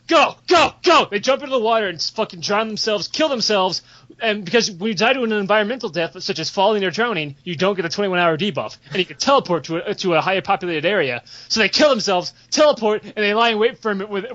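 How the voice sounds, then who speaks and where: A young man telling a rambling, excitable story on a podcast, swearing a lot and acting out the voices. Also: sits high, quick pace, dry recording, lo-fi sound. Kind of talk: casual storytelling chat.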